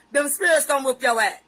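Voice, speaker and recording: A woman's voice: high voice, unhurried, fairly bright tone, rough recording. A woman hosting a livestream and ranting in a profane, confrontational way, stretching out her emphatic phrases. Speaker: livestream host. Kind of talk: unscripted livestream rant. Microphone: phone livestream.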